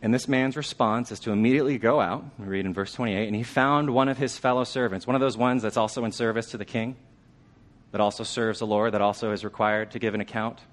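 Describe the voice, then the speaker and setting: A man delivers a sermon conversationally, posing questions to the congregation and dropping to a hush for weighty lines. His voice is fairly low and steady in tone, and he speaks quickly.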